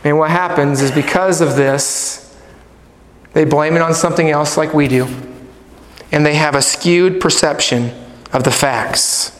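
Pastor, man, middle-aged, high voice, lively sermon delivery, recorded in a reverberant church. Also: a little slow, long pauses, slight background noise. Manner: animated, swings from loud emphatic to low soft prayer. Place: church hall. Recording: echoey church hall.

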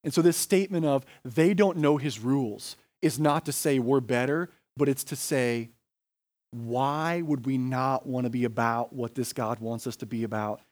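A man's voice: mid-range voice, normal speed, a little mellow. A man with an American accent, a pastor preaching a sermon in a conversational way, often asking "right?" and saying "like".

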